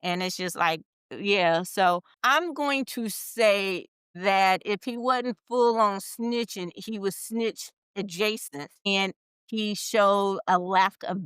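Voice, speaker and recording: A woman talks through a casual podcast chat, blunt and slangy, with exasperated asides. Her voice is very clear and smooth. The sound is dry and close. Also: medium pitch, a bit bright, dry recording. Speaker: podcast co-host.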